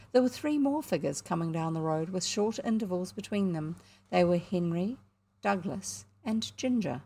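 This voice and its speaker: A woman's voice: lowish voice, a little mellow. Woman reading a storybook aloud, New Zealand accent. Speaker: audiobook narrator. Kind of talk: storybook narration.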